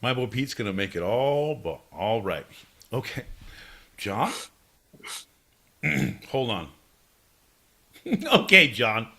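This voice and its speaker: Man, podcast co-host, comedic banter, animated lively pitch, theatrical delivery. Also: takes it slowly, creaky, long pauses. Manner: playful, theatrical, swings between loud bursts and mumbles.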